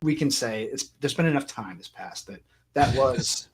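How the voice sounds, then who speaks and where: A man's voice: mid-range voice, lively intonation, normal speed, slightly rough. A man co-hosting a casual panel chat over a video call, joking and rambling. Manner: joking, rambling, laughs often. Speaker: co-host.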